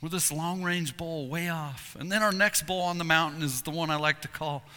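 A man preaching a sermon, telling hunting stories with animated delivery and acting out calls and voices. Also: on the high side, normal speed. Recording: long reverb in a hall.

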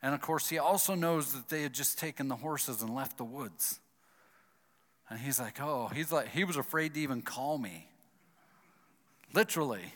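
Bright-voiced man telling a story. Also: mid-range voice, moderate pace, long pauses. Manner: animated, acts out his own inner thoughts. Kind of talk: storytelling talk with a moral. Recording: long hall reverb.

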